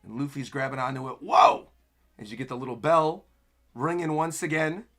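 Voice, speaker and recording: A young man reacting live to a manga chapter, narrating the panels and breaking into excited exclamations. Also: medium pitch, moderate pace, soft background music. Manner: narrates panels while reading aloud. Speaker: anime streamer.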